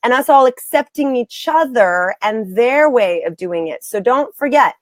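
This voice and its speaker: Woman host, higher register, dry sound, emphatic and repetitive, chatty live-stream energy. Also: animated, a little slow, no echo. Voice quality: bright, emphatic, repeats words for stress. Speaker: host, blogger. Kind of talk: casual live-stream chat.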